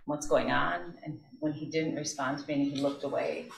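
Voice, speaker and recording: A school principal giving courtroom testimony, speaking haltingly with restarts and trailing off. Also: medium pitch, fairly even intonation, gravelly. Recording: roomy courtroom audio, distant mic, faint hiss.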